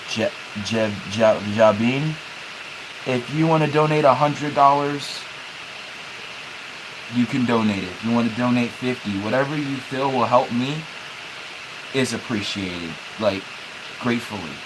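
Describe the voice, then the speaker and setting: A young man livestreaming, speaking haltingly as he holds back tears, with many restarts and repeated words. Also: mid-range voice, background noise. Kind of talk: emotional livestream talk.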